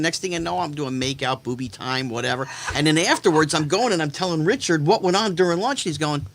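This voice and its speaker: A man in his fifties, a guest in a casual chat, telling anecdotes with animated delivery and slipping into other people's voices. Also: a little high, brisk, creaky, hardly any pauses. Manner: animated, acts out quoted voices. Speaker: guest storyteller.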